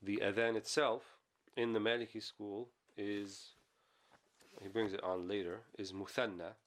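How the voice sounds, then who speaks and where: A man teaching a classical religious text, reading Arabic passages quickly and then explaining them in English. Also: fairly low pitch, little pitch movement. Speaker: Islamic teacher.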